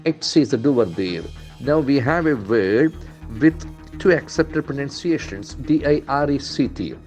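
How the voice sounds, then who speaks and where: A man from India teaches English from the day's newspaper headlines. He spells words out letter by letter and repeats each pronunciation several times in a medium-pitched voice. Faint music plays underneath. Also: expressive, measured pace, a little mellow. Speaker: English language trainer. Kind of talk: newspaper analysis lesson.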